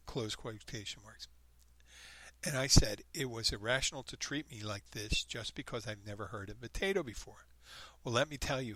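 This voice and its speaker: A man hosts a solo podcast and reads a story aloud with animated, mocking quoted voices. His tone is bright and clear. The sound is close and dry, with no room echo. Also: mid-range voice. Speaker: podcast host.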